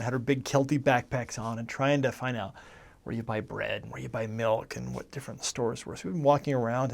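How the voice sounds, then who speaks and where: Gravelly and somewhat dark, his mid-range voice carries a rambling personal history. The speaker is a former missionary, a man in his forties from the United States, who chats casually and keeps amending his own words.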